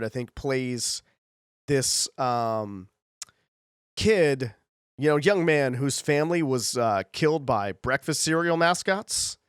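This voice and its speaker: This podcast co-host speaks in a medium-pitched, slightly bright voice with a clean tone and no echo. He chats casually, rambling, filling gaps with fillers and often starting over.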